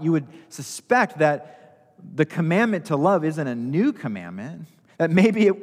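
A man's voice: fairly high pitch, long reverb tail. A male pastor preaching a sermon, repeating key phrases for emphasis.

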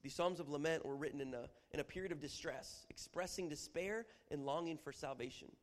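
High-voiced man teaching in a hall. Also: a little fast. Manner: animated and humorous, acting out prayers. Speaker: Bible teacher. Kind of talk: church teaching on the Psalms. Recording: long hall reverb.

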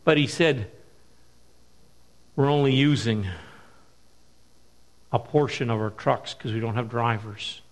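A middle-aged man preaching at a missions conference, telling stories and stressing key words slowly. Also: medium pitch. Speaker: missionary speaker. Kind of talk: sermon with storytelling.

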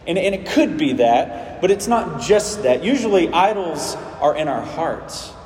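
A man's voice: a little high, big pitch swings, unhurried, a little mellow, roomy sound, long reverb tail, a little hiss or hum. A man preaching a sermon as pastor, conversational, asking rhetorical questions and restarting phrases.

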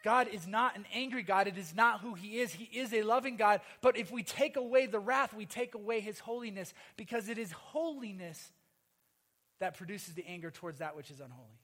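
High-voiced preacher man, emphatic and repetitive. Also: brisk, fairly bright tone. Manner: emphatic, repeats phrases, calls for amen. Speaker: pastor. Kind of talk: sermon.

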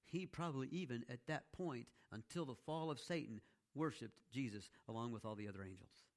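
A man with a mid-range voice preaches a sermon at a brisk pace, teaching in a conversational way. He tells a story with playful asides and keeps checking in with "okay?"

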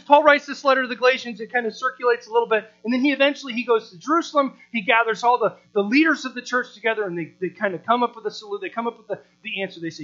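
A man in his thirties preaching a sermon, animated, repeating words and asking rhetorical questions. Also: extremely high pitch, very fast, hardly any pauses. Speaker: pastor. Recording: dull lo-fi sound with mains hum.

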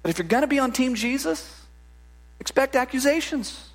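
A male pastor preaches in a lively, conversational way, often restarting his sentences and tossing in quick "right?" asides. His voice sits noticeably high for a man. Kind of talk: sermon.

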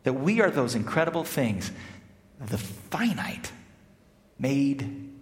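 A man from South Africa preaching a sermon, animated, swinging between loud emphasis and hushed, quiet phrases. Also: mid-range voice, slow. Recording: echoey hall with long reverb.

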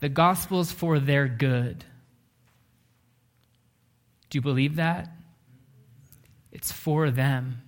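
Earnest male preacher telling a story. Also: fairly high pitch. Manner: earnest, often slows down and drops to a hush for emphasis. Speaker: pastor. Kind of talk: sermon storytelling.

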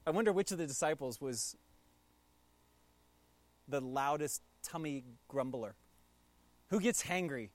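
A man preaching a conversational sermon as pastor, telling the story in a relaxed way with playful asides. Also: a little high, unhurried, long pauses.

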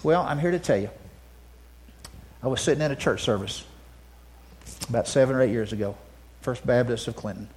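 A man preaching from the pulpit, his voice at an ordinary middle pitch for a man. He swings between forceful, emphatic declarations and quiet, almost hushed asides. He stumbles and repeats words as he builds his points. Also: a little fast, pauses often. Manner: repeats words and restarts phrases. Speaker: pastor. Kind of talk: sermon.

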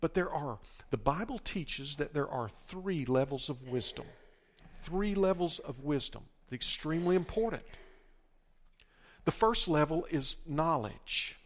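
A man's voice: fairly high pitch, lively intonation, unhurried. An older man preaching a sermon as the pastor, emphatic and often repeating and restarting his words.

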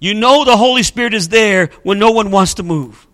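A middle-aged man preaching a sermon in a high, bright voice. He delivers it with emphatic, storytelling force. His pitch sits well above most men's, with a sharp, forceful edge. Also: normal speed. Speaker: pastor.

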